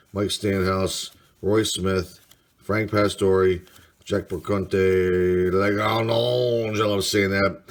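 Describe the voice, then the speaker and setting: A man hosting a casual card-opening video, reading off player names one by one with mild enthusiasm. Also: fairly low pitch. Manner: unhurried, reads names aloud, mild enthusiasm. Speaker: card collector host. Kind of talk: casual card-break commentary.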